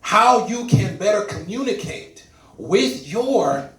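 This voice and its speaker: Male stand-up comic, high bouncy delivery, laughs at his own material, echoey room. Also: takes it slowly, recorded from a distance. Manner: animated, laughs at his own jokes, repeats words for emphasis. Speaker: stand-up comedian. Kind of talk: stand-up comedy set. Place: comedy club stage.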